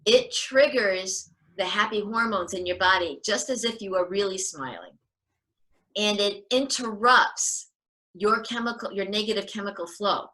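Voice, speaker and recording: Woman guest bright, animated advice-giver, acts out little scenes. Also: medium pitch, measured pace, low-quality recording. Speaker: guest author on parenting. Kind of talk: casual advice chat.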